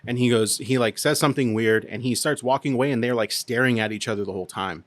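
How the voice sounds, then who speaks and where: A man in his thirties telling a story on a podcast, animated and swearing freely as he acts out the dialogue. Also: medium pitch, fast talker, dry recording. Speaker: podcast co-host. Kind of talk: casual storytelling chat. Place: podcast studio.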